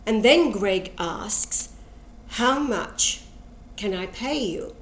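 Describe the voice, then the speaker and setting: A woman tells a personal story at a slow, deliberate pace, acting out each person's words as she goes. Her voice is emotional and earnest. The recording sounds roomy and echoey, with a faint hum of ambience behind her. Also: mid-range voice, lively intonation. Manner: slow, emotional retelling with quoted dialogue.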